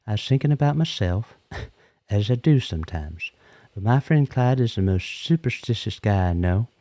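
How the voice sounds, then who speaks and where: A man's voice: lowish voice, warm tone, no echo. A man calling in to tell a rambling, comedic story in a folksy way, often repeating and restarting himself. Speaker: caller.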